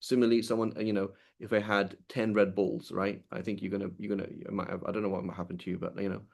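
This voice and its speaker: A man teaching a classical legal text in a conversational way, reading passages aloud quickly and then explaining them with many restarts. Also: on the low side, little pitch movement, vocal fry, darkish tone.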